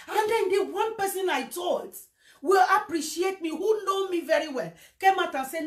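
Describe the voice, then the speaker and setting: A Nigerian woman talks to her followers in a high, lively voice, telling a personal story and dropping into Pidgin now and then. Her voice rings in an echoey room. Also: normal speed. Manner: animated storytelling, slipping into Pidgin. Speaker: social media presenter. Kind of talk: casual livestream monologue.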